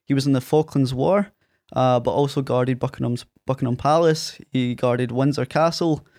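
A man from Scotland, in his thirties and speaking with an Ayrshire accent, is an animated storyteller in a casual interview, voicing quotes loudly. His pitch is medium and his speed normal, in a studio-quality recording without echo.

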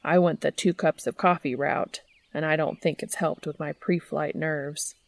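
A woman's voice: deep voice, steady tone, normal speed, vocal fry, dry recording. A woman doing a jittery young mechanic. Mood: nervous. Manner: tense and nervous. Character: nervous young mechanic, joking to hide fear. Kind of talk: audiobook reading of fan fiction.

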